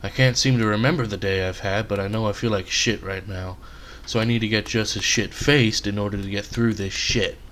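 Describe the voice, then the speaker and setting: A man voicing a weary, foul-mouthed male drunkard in a read-aloud story, speaking gruffly and cursing. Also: lowish voice, fairly even intonation, brisk, few pauses, fairly bright tone, slight background noise, natural voice. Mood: grumbling.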